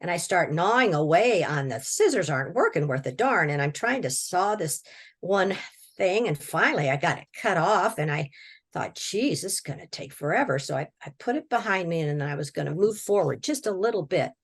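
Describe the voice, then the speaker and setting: A woman's voice: fairly low pitch, expressive, brisk, husky. A woman from Washington state telling her own story as an interview guest, in a folksy, plainspoken way with repeated words and short laughs. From Washington state, USA. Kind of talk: personal storytelling, recounting a near-death experience.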